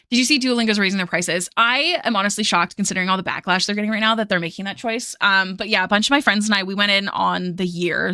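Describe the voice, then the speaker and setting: A woman's voice: medium pitch, pushed and bright, no echo, clean studio sound. A young woman chatting casually on a live stream while she draws. She laughs often and explains her steps as she goes. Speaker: streamer and digital artist. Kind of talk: casual chat while drawing.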